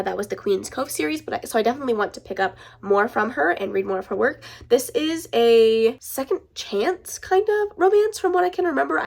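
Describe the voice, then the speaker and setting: A woman's voice: medium pitch, vocal fry. A woman with a stuffed-up nose, chatting casually and gushing as a book vlogger, swearing now and then. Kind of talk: casual chat.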